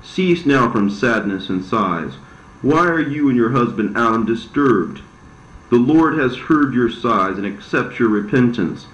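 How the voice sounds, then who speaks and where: A man voicing the devil, an envious, deceitful fallen angel who talks in a smooth but aggrieved way. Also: mid-range voice, expressive, measured pace, a bit bright. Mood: coaxing. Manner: smooth-talking, bitter, aggrieved. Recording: roomy, slightly dull recording.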